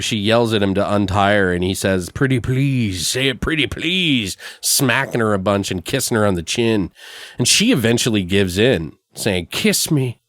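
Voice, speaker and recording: A man co-hosting a casual movie review podcast, retelling scenes with quick exaggerated voices and swearing freely. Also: fairly low pitch, dry recording, studio quality. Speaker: podcast co-host.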